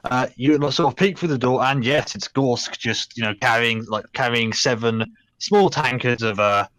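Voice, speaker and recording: A young man narrating as game master in a tabletop game, talking haltingly with many fillers. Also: medium pitch, fairly bright tone, no echo.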